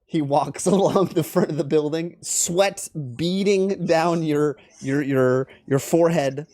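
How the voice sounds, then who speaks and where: Slightly high-voiced male game master. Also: a little mellow, no room sound. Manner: laughs between lines, builds suspense in slow narration. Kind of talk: narrating a tabletop game live.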